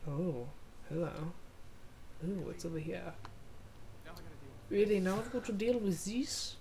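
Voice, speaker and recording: A man's voice: high-pitched, expressive, slow, creaky, warm tone, slight background noise, heavily acted. A man putting on a German accent for a weary, put-upon game character.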